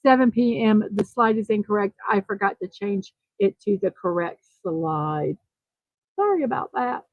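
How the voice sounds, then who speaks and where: A woman's voice: mid-range voice, animated, moderate pace, no room sound, dull audio. A woman hosting a casual livestream morning show, chatting, reading viewer comments aloud and fumbling a little with numbers.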